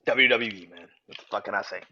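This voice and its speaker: A young man hosting a wrestling podcast, ranting casually, swearing freely, getting excited, and laughing often. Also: on the low side, quick pace, highs cut off, slight background noise. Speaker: podcast host.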